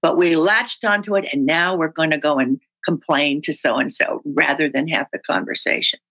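A woman's voice: sits low, moderate pace, dull audio. A woman guest who trains people in workplace communication, telling stories in a conversational interview and acting out example dialogue. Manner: animated storyteller who acts out example dialogue.

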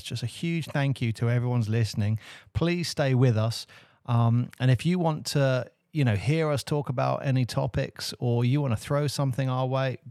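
A man's voice: mid-range voice, vocal fry, a little mellow, no echo, clean studio sound. A man with a British accent co-hosting a podcast in casual chat, rambling with fillers and restarts. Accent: British English. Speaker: podcast co-host.

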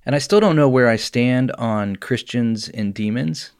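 A man co-hosting a podcast, telling a story in a casual, animated way. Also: mid-range voice, unhurried, smooth. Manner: animated storyteller, laughs often. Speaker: podcast co-host.

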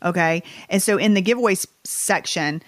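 A woman's voice: fairly low pitch, moderate pace, no room sound. A woman with a Southern US accent, co-hosting a podcast in casual, chatty talk. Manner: chatty, animated, a little bitter. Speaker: podcast co-host. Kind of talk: casual chat.

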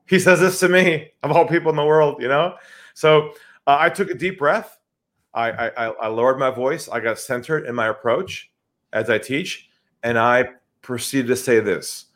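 A sales trainer with a medium-pitched voice answers interview questions at normal speed. He's an animated storyteller, telling vivid stories and acting out phone calls.

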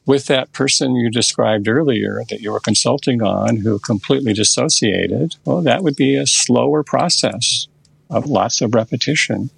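Gravelly-voiced older man telling a story. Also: medium pitch, dry recording. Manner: unhurried, recounts a session step by step. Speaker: therapist guest. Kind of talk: conversational storytelling in a podcast interview.

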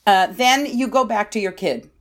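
A woman who writes about parenting answers interview questions in a chatty, explanatory way. She often says "you know" and slips into the voices of the parents and teens she describes. Her voice sits at a middle pitch. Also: normal speed, fairly bright tone. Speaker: parenting author and counselor.

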